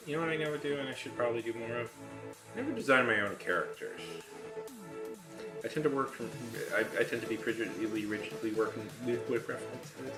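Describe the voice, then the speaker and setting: A man's voice: mid-range voice, a little fast. A man hosting a casual live stream, rambling to himself between greetings to his viewers. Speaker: live-stream host and artist. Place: room at home, seated in a chair. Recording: echoey room with music playing behind.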